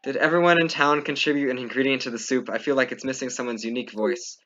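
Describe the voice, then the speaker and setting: A man's voice: mid-range voice, fairly even intonation, quick pace, lo-fi sound, background noise, pitched above the performer's own voice, natural voice. A man reading the lines of a pompous visiting male governor in a game, in a formal manner.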